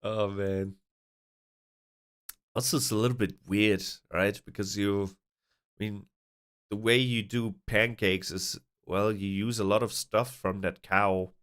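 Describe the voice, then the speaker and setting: A man's voice: on the low side, steady tone, slow pace, long pauses, a bit bright, clean tone. A man hosting a casual stream chat, rambling with restarts and frequent chuckles. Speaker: streamer host.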